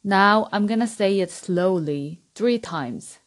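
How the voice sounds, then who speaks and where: A woman with a Korean accent hosting a podcast, patiently teaching Korean words and repeating them slowly for learners. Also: medium pitch. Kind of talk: slow language lesson.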